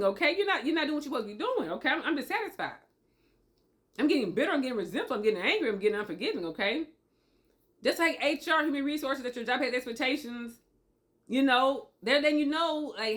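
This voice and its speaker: A woman's voice: high voice, a bit bright. Emphatic woman giving advice. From Tennessee. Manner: emphatic and repetitive, asks okay often. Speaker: relationship advice speaker. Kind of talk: motivational monologue to camera.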